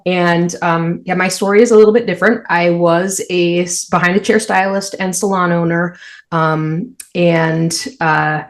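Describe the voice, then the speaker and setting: A woman, a podcast guest, telling her story in a frank, animated way and laughing through hard memories. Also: lowish voice, measured pace. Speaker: podcast guest, financial planner. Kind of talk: candid storytelling interview.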